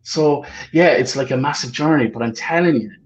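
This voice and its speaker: A man's voice: mid-range voice, fairly quick, dull audio. A man speaking as a podcast guest in casual, emotional chat, candid and jokey and swearing freely over a remote call mic.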